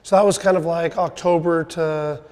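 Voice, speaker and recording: A man's voice: a little high, steady tone, moderate pace, darkish tone, in a large hall. A middle-aged man hosting a casual podcast interview, coaching his guest and often tagging on "right?" and "you know". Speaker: podcast host, sales team leader.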